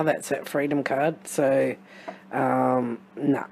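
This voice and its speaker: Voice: mid-range voice, unhurried, darkish tone, slight background noise. A tarot reader with an Australian accent, talking through a reading in a casual, musing way with wry, sarcastic asides. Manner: thinks aloud with frequent restarts and fillers.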